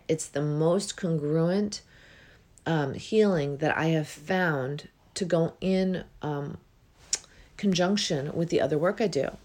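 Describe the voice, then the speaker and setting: Low-voiced woman musing on healing. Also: dark tone. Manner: unhurried, reflective, with many ums and yawns. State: yawning. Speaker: spiritual healing coach. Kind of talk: casual spiritual talk.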